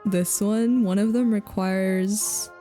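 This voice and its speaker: A woman's voice: medium pitch, steady tone, slow, warm tone, faint music behind. A woman streaming a game, chatting playfully with viewers and laughing often. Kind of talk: casual game commentary.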